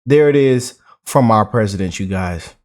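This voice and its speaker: A man hosting his own channel, reacting to news clips in a hyped, casual way, with loud exclamations and catchphrases, greeting viewers as family. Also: lowish voice, lively intonation, normal speed.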